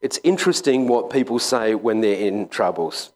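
A man, a school chaplain, preaching a sermon in a conversational, halting way with many pauses and restarts. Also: fairly low pitch, lively intonation, a little mellow. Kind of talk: sermon with personal story.

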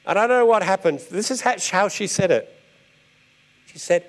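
Male preacher, animated storyteller, slightly high pitch. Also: moderate pace, long pauses. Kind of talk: storytelling sermon.

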